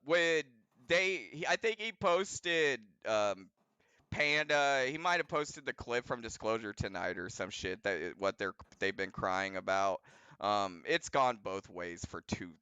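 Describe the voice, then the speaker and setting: A man's voice: fairly low pitch, animated, unhurried, sharp tone, smooth, dry recording. A man chatting casually in a stream clip, defending a friend and mocking others. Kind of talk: casual chat.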